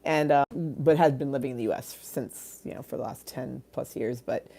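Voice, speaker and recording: Woman livestream host on a phone, rambly and swearing, low mellow voice. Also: moderate pace, creaky. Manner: rambling, swears casually, reads out comments. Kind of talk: casual livestream chat.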